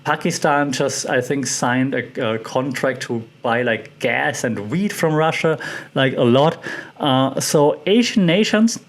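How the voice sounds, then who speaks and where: A man hosting a solo podcast, thinking aloud with many fillers and restarts and putting questions to his listeners. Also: medium pitch. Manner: curious, puts questions to listeners. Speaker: podcast host. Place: lives in Thailand.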